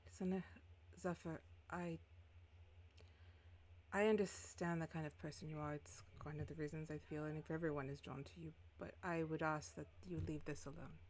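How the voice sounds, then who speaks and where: A woman's voice: deep voice, fairly even intonation, moderate pace, darkish tone. A woman voicing a secretive young male mage who speaks formally and guardedly.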